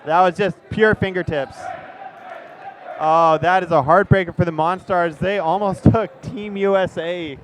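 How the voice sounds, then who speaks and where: A man doing live play-by-play commentary, excitable and jokey. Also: sits high, a little slow, some chatter behind, slight background noise.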